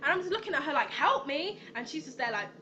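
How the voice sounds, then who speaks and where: A young woman tells a personal story to her viewers, rambling and restarting with frequent ums. Her voice sits a little high, and there is a noisy hiss behind her. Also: sing-song, racing, bright, forceful tone, dull audio. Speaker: vlogger. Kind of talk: storytime vlog.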